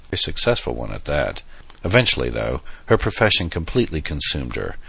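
A man voicing a charming elderly French gentleman with a heavy French accent, courtly and flattering, in an audiobook reading. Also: a bass voice, vocal fry, husky, dry recording, full character voice. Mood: wistful. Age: older. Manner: courtly, flattering, slightly theatrical. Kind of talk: audiobook character voice.

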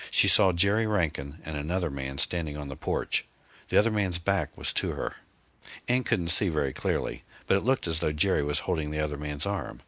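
A man narrating a novel in steady, scripted audiobook style. His voice is extremely low, yet bright and forceful in tone. It is recorded close and dry, with no room sound. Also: dry recording.

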